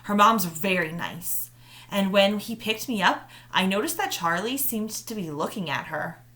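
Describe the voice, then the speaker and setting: A woman's voice: mid-range voice, a little slow. A woman teacher reading a children's novel aloud to her students in first-person narration. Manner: warm, friendly greeting, then steady narration. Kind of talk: read-aloud storytelling for students.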